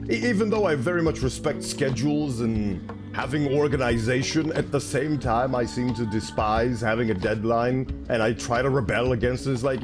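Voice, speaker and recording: A man's voice: medium pitch, normal speed, over music. A young man chatting casually while streaming a video game, rambling and laughing at himself. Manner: rambling, self-mocking, giggly. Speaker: VTuber streamer.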